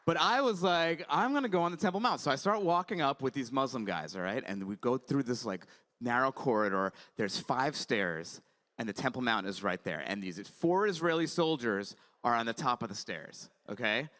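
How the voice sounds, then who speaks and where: A man doing animated stand-up comedy on a conference stage, telling stories with voiced asides. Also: medium pitch, normal speed. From Iran. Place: conference stage before a live audience.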